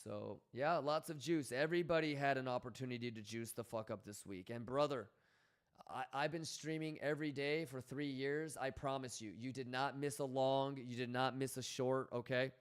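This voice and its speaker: A livestream host speaks to his chat at a moderate pace, his medium-pitched voice clear and resonant. He's casual and blunt, swearing often, coaching his viewers and reading chat messages aloud.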